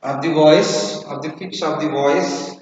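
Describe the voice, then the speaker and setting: A male college lecturer dictating a lesson slowly, repeating each phrase so students can write it down. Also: a little high, steady tone, darkish tone. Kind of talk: slow dictation to a class. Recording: echoey distant hall, lo-fi.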